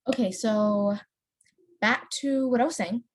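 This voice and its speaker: A woman's voice: a little high, a little slow, slight background noise. A young adult woman chatting casually as a gameplay vlogger, rambling with many fillers and laughing easily. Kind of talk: casual chat while playing a story game.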